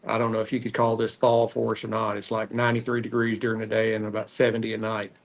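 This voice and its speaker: A man with a Texan accent hosting a cigar podcast, rambling casually with frequent pauses while he smokes. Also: fairly low pitch, monotone, vocal fry. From Texas. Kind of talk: casual solo chat while smoking.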